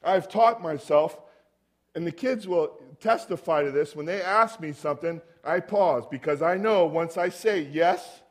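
A man with a notably high voice preaching in a relaxed, conversational way. He tells stories and keeps turning to the congregation with rhetorical questions. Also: unhurried. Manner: storytelling, asks the audience rhetorical questions. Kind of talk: conversational sermon.

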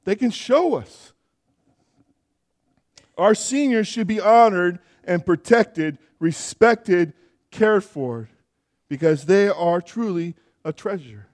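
A man's voice: high-pitched, lively intonation, takes it slowly, long pauses, a little mellow. A younger man preaching a sermon as pastor in a church, earnest and building to emphatic exhortation.

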